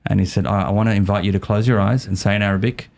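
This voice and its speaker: A man with an Australian accent, a podcast guest telling a story in a lively way, often repeating and restarting his words. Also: on the low side, very fast, vocal fry. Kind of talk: casual storytelling.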